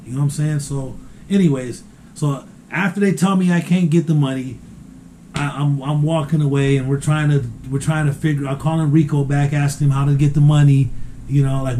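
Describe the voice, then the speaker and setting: A man's voice: fairly high pitch, mellow, slight background noise. Man telling a story in a casual vlog. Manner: repeats words, ends phrases with "man". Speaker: vlogger.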